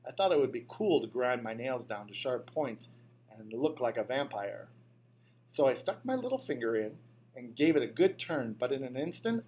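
Male audiobook narrator with a mid-range voice; plain first-person storytelling over a faint hum. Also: mid-range voice. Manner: first-person storytelling, lively when voicing a child. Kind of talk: scripted narration.

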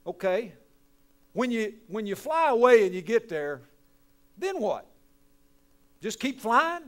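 High-voiced West Virginian pastor preaching. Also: male voice, sing-song, slow. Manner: folksy, joking, swings from hushed to loud. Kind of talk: sermon.

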